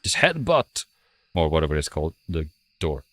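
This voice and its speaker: A man's voice: very deep voice, big pitch swings, moderate pace, fairly bright tone, dry recording. A man giving casual gameplay commentary as a streamer, playful and self-mocking, muttering to himself as he plays. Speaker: streamer playing a ghost-hunting game. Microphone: headset.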